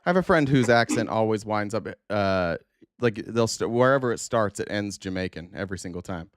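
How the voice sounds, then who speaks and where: Lowish voiced guy hosting a live stream, jokey and blunt, dead dry close sound. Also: lively intonation, fairly quick, dry recording. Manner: joking, blunt, swears casually. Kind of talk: casual live-stream chat.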